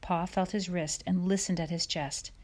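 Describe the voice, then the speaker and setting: A woman narrating an audiobook chapter in a measured, soft storytelling manner. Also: on the low side, fairly even intonation, slight background noise. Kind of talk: audiobook reading.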